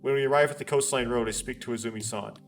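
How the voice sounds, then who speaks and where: A man's voice: mid-range voice, fairly even intonation, very fast, soft background music. A man hosting a let's play, reading a visual novel aloud in an earnest, dramatic way, with small restarts and wry asides.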